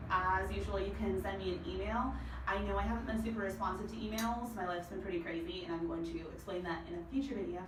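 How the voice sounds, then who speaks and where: A young woman explains dog training in a relaxed, chatty way, dropping in frequent ums. She sounds distant from the camera. The room echoes and there is a steady hiss behind her. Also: medium pitch. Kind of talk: casual teaching. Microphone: far camera mic. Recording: roomy, distant, noisy home video.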